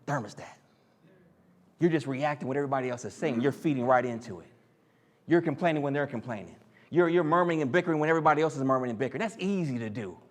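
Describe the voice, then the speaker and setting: A man giving an animated sermon, acting out quoted voices and joking with the listeners. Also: mid-range voice, fast talker. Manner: animated, acts out quoted voices and jokes with the crowd. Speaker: speaker in a church teaching series.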